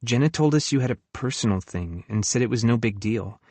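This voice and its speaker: A man's voice: medium pitch, expressive, a little fast, warm tone, husky, dry recording. A man voicing an earnest, hurt young woman who works as a camp counselor, in an audiobook. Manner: earnest, hurt, talks frankly about her feelings. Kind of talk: audiobook dialogue reading.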